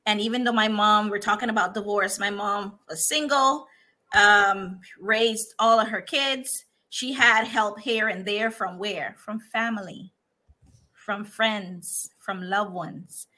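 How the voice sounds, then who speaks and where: A woman's voice: medium pitch, fairly even intonation, slow, bright, forceful tone. A woman from Honduras, a guest candidly telling her life story and often laughing and restarting her sentences. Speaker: podcast guest.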